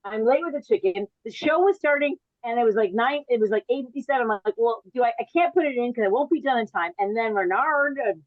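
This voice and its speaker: A woman's voice: fairly high pitch, lively intonation, quick pace, hardly any pauses, dry recording, narrow, tinny audio. Rambling woman comedian on a video call. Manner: rambling, self-interrupting, laughs at own jokes. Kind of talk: stand-up set on a virtual show.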